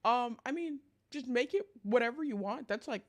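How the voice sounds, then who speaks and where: A woman's voice: fairly high pitch, expressive, moderate pace. A young woman streaming, chatting casually with a sleepy morning voice, laughing often and greeting chat.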